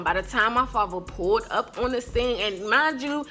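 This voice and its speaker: A woman tells a story straight to the camera in a bright, sharp voice. She talks in an animated, casual way, swears freely and often breaks into laughter. Faint music plays softly behind her. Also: on the high side, normal speed, few pauses. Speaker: vlogger telling a story.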